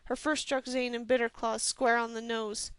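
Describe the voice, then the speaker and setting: A woman narrates a fantasy novel at a steady, even pace. Her voice sits a little high and comes through smooth and clear. The recording is close and dry. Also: moderate pace, no echo. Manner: steady, even storytelling reading. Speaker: audiobook reader.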